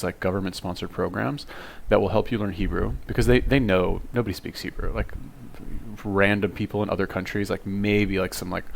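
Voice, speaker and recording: A man's voice: deep voice, creaky. A man giving casual reaction commentary, rambling with lots of fillers and restarts.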